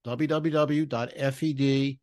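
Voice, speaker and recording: A man's voice: medium pitch, steady tone, measured pace, darkish tone. A man on a podcast explaining retirement tax rules, often restarting and repeating words as he goes. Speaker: podcast guest, federal benefits writer.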